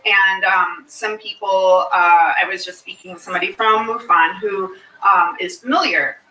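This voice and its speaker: Bright-voiced woman explaining, echoey and distant. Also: mid-range voice, fairly even intonation, moderate pace. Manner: earnest, often checks in with "okay?". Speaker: hypnosis practitioner. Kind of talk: explanatory talk to a fair audience. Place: fair venue, indoors. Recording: echoey room, mic far off.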